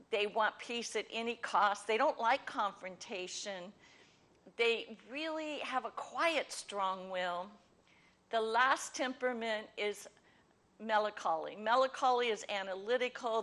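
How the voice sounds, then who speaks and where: A woman hosting a ministry talk show, explaining ideas with lively acted-out examples before turning to her guest. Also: fairly high pitch. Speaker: host.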